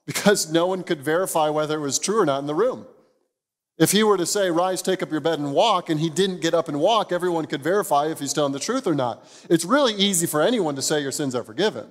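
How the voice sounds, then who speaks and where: A man, a pastor, giving an expository sermon, telling the story in an animated way and chuckling now and then. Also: fairly high pitch, fast talker, in a large hall.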